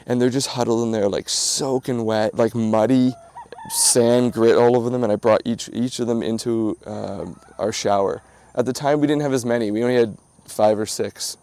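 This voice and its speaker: A man's voice: mid-range voice, mellow, no room sound. A man hosting a casual vlog, telling a story in a chatty, rambling way with lots of fillers and restarts, outdoors at his hillside home. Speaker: vlog host.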